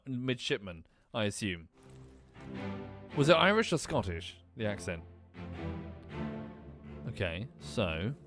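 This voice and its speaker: A man streaming a mystery game, casually thinking aloud, muttering and swearing now and then. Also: on the low side. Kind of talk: casual gameplay commentary.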